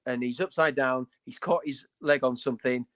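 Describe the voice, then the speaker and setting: A man co-hosting a laid-back hobby podcast, his voice sitting at an ordinary middle pitch. He talks with open enthusiasm and blunt, playful humor, riffing through his opinions. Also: steady tone, normal speed, fairly bright tone. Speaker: podcast co-host. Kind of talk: casual hobby podcast chat.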